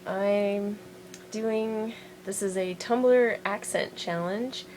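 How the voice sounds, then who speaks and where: A woman's voice: medium pitch, extremely slow, a little mellow, slight background noise, low-quality recording. A woman from Montana with an American accent, chatting casually and reading a word list aloud with self-deprecating asides, recorded on the built-in mic of a handheld music player. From Montana, USA. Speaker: vlogger doing an accent challenge.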